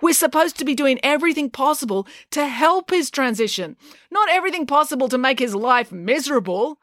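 A woman's voice: high-pitched, lively intonation, a little fast, a bit bright, dry recording, voice pushed up. An exasperated male guidance counsellor lectures a student in a stern, formal way, as a woman reads him aloud. His voice rises and falls widely. The reading is close and dry.

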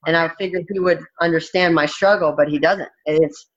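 A woman's voice: low voice, steady tone, brisk, muffled recording. A woman fighter speaking bluntly and frankly in a candid interview, swearing freely.

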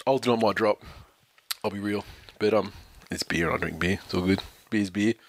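A man's voice: lowish voice, moderate pace. A man with an Australian accent co-hosting a podcast, swearing freely and rambling through stories while laughing as he talks. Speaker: podcast co-host. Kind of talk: casual chat.

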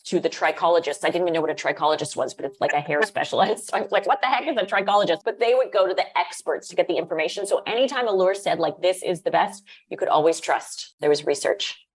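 Chatty middle-aged woman telling lively anecdotes. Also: lowish voice, breathy edge. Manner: animated, lots of "like", laughs often. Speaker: guest, former magazine editor. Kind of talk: casual interview storytelling.

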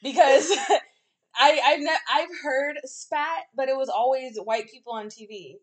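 Woman, high voice, podcast host, casual chat, giggly, crude, rambling. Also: unhurried.

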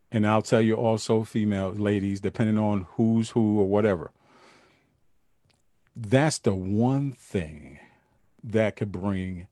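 A man's voice: fairly low pitch, dark tone, no room sound, studio quality. Earnest slangy middle-aged man. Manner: slangy and earnest, with many fillers. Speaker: livestream host. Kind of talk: casual talk to viewers.

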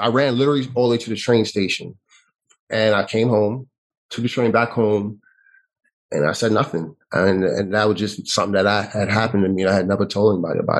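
A man, telling a personal story as an interview guest, with halting speech that often restarts and repeats. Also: on the low side, rough recording. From New York City. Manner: halting, with frequent restarts and repetitions.

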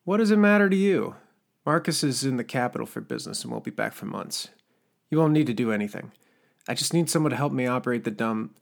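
A male narrator voices a scarred, disgraced cook in an audiobook, giving him a gravelly, creaky, mid-range voice like an ordinary man's. The character is sly and needling, coaxing and pressuring, delivered in an animated way at a quick pace.

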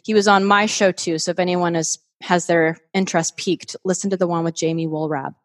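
Chatty low-voiced woman, dry sound. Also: no room sound. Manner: chatty, enthusiastic, many filler words. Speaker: podcast guest and host of her own show. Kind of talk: casual podcast conversation.

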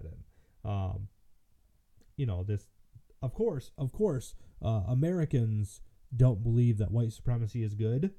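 A man's voice: mid-range voice, lively intonation, unhurried, mellow. A man from Michigan hosting casual political commentary, rambling and hesitant with many fillers and restarts, sounding tired. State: tired, yawning. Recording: muffled lo-fi audio.

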